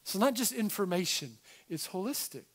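A man in middle age delivering a sermon with animated emphasis, stopping for casual asides to the people in front of him. His voice sits high for a man. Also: normal speed. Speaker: pastor.

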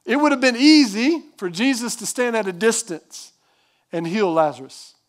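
A man with a high voice preaching to his congregation. He presses his points hard and keeps asking the listeners questions. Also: expressive, normal speed. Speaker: pastor. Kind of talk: sermon.

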